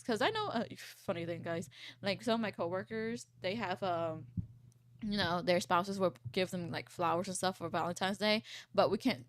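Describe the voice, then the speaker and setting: A woman in her twenties, a VTuber, chatting casually and reading posts aloud on stream, rambling and swearing, with a froggy, croaky low voice. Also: no echo. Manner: rambling, swears, laughs often.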